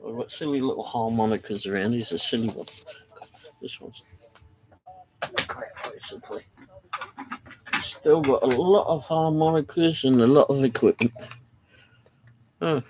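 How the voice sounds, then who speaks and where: A man's voice: mid-range voice, measured pace, long pauses, darkish tone, a little hiss or hum, rough recording. A man, chatting casually and rambling on a home livestream, reading out viewer comments. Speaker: livestream host. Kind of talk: casual live chat. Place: home office.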